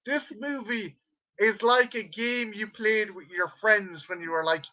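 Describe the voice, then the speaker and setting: High, bright-voiced man ranting on a podcast. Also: unhurried, lo-fi sound. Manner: profane, rambling, animated retelling. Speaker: podcast co-host reviewing a film. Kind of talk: casual chat.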